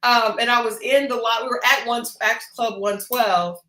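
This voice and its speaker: Woman, podcast co-host, bright voice, roomy echo, casual storytelling. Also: fairly high pitch, moderate pace. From Oklahoma. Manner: animated storytelling with quoted voices. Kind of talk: casual chat. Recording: echoey room.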